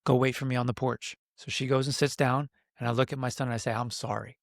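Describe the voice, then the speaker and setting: A man's voice: medium pitch, level tone, quick pace, vocal fry, dry recording, clean studio sound. A middle-aged man, a coach for men, telling a personal story on a podcast in an earnest, reflective way and acting out his own inner voice. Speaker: podcast guest, men's coach.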